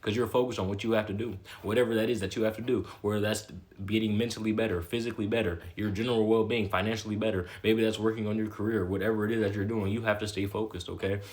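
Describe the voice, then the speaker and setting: Fast, flat-voiced man preaching focus. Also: fairly low pitch. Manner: repetitive, emphatic, keeps adding "okay?"; blunt and slangy. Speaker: motivational talker. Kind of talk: casual motivational monologue.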